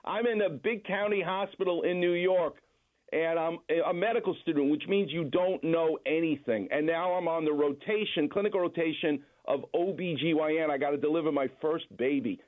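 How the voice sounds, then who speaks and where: A man's voice: on the high side, fairly quick. A man, a doctor guest, calling in and telling stories in casual chat over a phone line. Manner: storytelling, explanatory.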